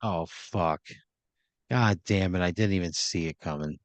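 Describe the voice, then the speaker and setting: Loud, exasperated low-voiced male podcaster. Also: a little slow, no room sound. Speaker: podcast co-host. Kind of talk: comedic banter.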